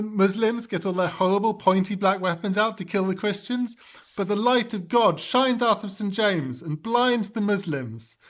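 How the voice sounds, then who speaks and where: High-voiced man, gushing theatrical storyteller. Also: fairly bright tone, muffled recording. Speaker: co-presenter pitching a story. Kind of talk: comic sketch dialogue.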